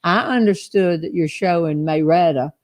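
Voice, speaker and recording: A woman hosting a casual chat, asking questions in a relaxed, conversational way. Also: fairly low pitch, normal speed. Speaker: host humorist.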